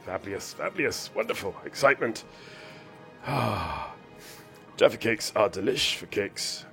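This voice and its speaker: A man's voice: lowish voice, expressive, unhurried, vocal fry, bright, forceful tone. Whimsical, chatty man streaming a game. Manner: chatty, whimsical, rambling asides. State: slightly ill and hyper. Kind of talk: casual live-stream commentary. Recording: faint game music behind.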